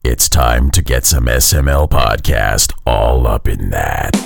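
A man voicing a booming, gravelly male announcer who opens the show over a drum beat. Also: expressive, no room sound, studio quality, soft background music, exaggerated voice. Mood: hyped. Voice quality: gravelly, drawn-out.

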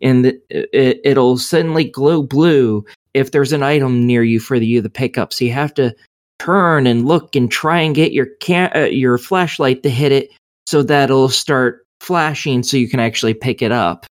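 A man's voice: mid-range voice, normal speed. A man reviewing a horror game in casual podcast chat, rambling and sarcastic, swearing often.

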